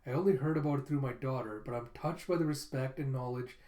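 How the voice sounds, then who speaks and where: A man reading the lines of a suave, polite spy posing as a father, smooth and courteous. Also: medium pitch, fast, dark tone, close to an everyday voice. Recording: roomy echo.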